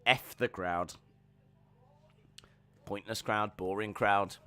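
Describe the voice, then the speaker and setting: A man's voice: on the low side, fairly even intonation, takes it slowly, fairly bright tone, clean tone, no echo. A man hosting a live watch-along stream who rambles animatedly and acts out scenes. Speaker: host.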